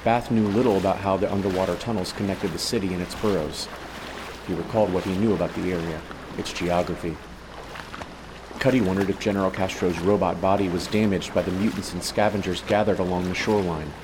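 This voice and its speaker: A man narrates a story in a steady, even manner, with a very low voice. A long reverb trails after his words, and faint hiss runs underneath. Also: brisk. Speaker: audiobook narrator. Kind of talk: scripted narration.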